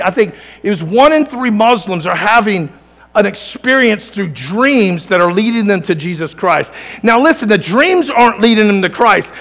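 A man's voice: very high-pitched, a bit bright. A man preaching a sermon as pastor in a church, telling stories and calling on the congregation for an amen. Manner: call-and-response preaching, often asking the congregation for an amen; storytelling with rising emphatic peaks.

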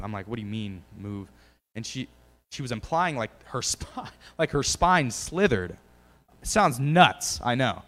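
A man's voice: mid-range voice, very animated, unhurried, a bit bright. Guy preaching casual, lots of um and like, restarts a bunch, echoey room with long tail. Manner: rambling, many fillers and restarts. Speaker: lay preacher.

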